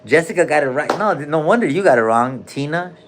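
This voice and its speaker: This livestream host sounds on the high side, animated and fairly quick, with background noise around him. Broadcasting from a hospital room, he keeps things loose, joking in heavy slang and shouting out viewers' names.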